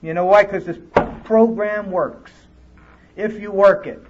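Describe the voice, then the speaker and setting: This man's voice sits high, his tone steady and his delivery unhurried. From California, he gives an honest personal recovery talk in plain, earnest language to a live conference hall audience, heard on a dull lo-fi tape recording.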